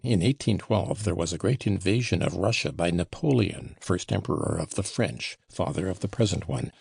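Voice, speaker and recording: Audiobook: man voicing a scornful young manservant, low gravelly tone, curt and cold. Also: animated, moderate pace, darkish tone, dry recording, exaggerated voice. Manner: curt, disdainful. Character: sullen proud young male servant, contemptuous. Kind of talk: audiobook reading.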